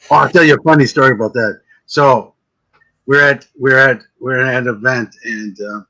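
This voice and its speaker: A man, a psychic medium guest, chatting casually and telling jokey stories with quick asides. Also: medium pitch, pushed and bright, poor audio. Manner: joking storyteller, quick asides. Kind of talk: casual chat.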